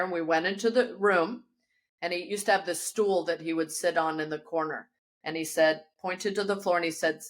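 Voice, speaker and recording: Yoga teacher lady chatting on a podcast, kinda low voice, animated storytelling. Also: normal speed. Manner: animated storyteller with many restarts and laughs. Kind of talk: casual storytelling interview. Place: her yoga studio.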